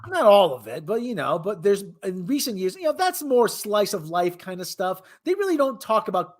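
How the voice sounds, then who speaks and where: A man's voice: high voice, very animated, normal speed. Sardonic rambling male podcast host. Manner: sardonic, rambling, restarts often. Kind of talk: casual commentary chat.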